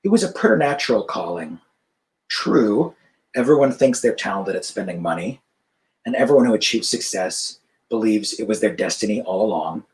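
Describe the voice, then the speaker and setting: A male author reading his novel aloud over a video call in an even, measured narration. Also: on the low side, rough recording.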